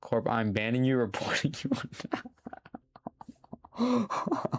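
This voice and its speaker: A man's voice: fairly low pitch, little pitch movement, unhurried, creaky, darkish tone, a little hiss or hum. A man streaming a game live, reading its text aloud and chatting to his viewers. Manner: reads game text aloud, talks to chat. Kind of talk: live gameplay commentary.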